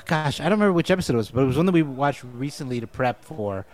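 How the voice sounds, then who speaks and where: A man's voice: medium pitch, expressive, rapid-fire. Joking man co-hosting a podcast. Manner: playful, jokey, quotes lines in voices. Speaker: podcast co-host. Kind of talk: casual chat.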